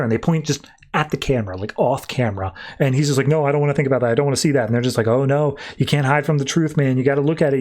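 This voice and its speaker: A man on a podcast casually recapping a comic book, acting out the characters' lines in quick shifting voices. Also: a little high. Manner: animated, acts out character quotes in shifting voices. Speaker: podcast host.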